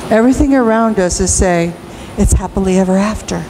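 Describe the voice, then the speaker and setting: A woman pastor preaching a sermon in a church, slow and emphatic, rising into cries at times. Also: mid-range voice, background noise. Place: church sanctuary.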